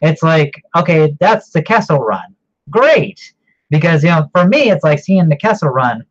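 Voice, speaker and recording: A man's voice: on the high side, big pitch swings, moderate pace. A man co-hosting a casual podcast chat, rambling and swearing freely, laughing often as he talks. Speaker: podcast co-host. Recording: dull lo-fi audio.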